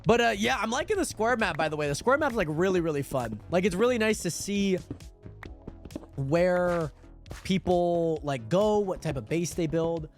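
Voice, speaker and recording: High, lively-voiced man chatting on stream. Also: moderate pace. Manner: rambling, chatty, talks to chat viewers between game actions. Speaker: livestreamer. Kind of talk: casual gaming livestream chat. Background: background music.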